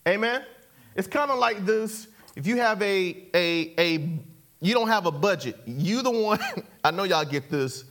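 A man preaches with a strikingly high voice, trading call and response with his listeners. He repeats his phrases, asks for an answer, and chuckles between points. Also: lively intonation, unhurried, a bit bright. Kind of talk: sermon.

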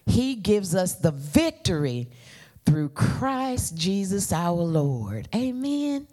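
Lady preaching, slow and playful, pitch sits a bit low, keeps getting folks to say it back. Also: sing-song, dark tone. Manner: playful, calls for congregation responses. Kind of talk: sermon.

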